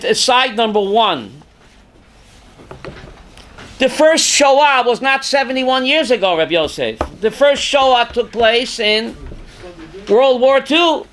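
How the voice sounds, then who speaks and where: High-voiced older rabbi lecturing dramatically. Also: male voice. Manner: dramatic, rising to shouts when quoting scripture, questioning students. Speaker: rabbi teaching a class. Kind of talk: Torah class lecture.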